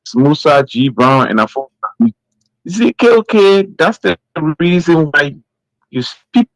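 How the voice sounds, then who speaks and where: Man caller, gravelly and animated, preachy. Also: fairly high pitch, measured pace, dry recording, poor audio. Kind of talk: call-in comment.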